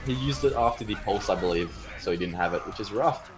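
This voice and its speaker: Excitable esports caster, low voice. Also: male voice, quick pace. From Australia. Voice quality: excitable, chatty, jumps into loud cheers. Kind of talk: live esports play-by-play commentary.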